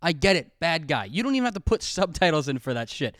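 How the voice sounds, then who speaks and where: A man's voice: fairly high pitch, big pitch swings, quick pace, fairly bright tone, no echo, clean studio sound. A young man hosting a solo podcast, rambling and swearing in a self-mocking comic rant while drinking at home. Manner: profane, rambling, self-mocking, acts out quoted voices. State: drinking alcohol. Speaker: podcast host. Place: alone at home, filming himself. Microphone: camera pointed at his face.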